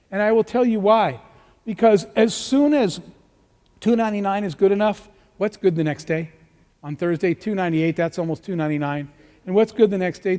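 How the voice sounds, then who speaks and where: A middle-aged man with a high voice gives a motivational talk in a large hall, and his words ring with a long reverb. He tells his story with animation and acts out the other people's lines. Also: a little mellow. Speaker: keynote speaker. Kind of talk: motivational speech.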